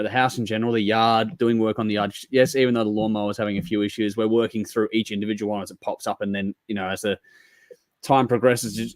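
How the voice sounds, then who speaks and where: A man's voice: fairly low pitch, no echo. A man, co-hosting a live stream, chatting in an easygoing, rambling way. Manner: easygoing, rambling, brief reactions. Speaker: podcast co-host. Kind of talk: casual chat.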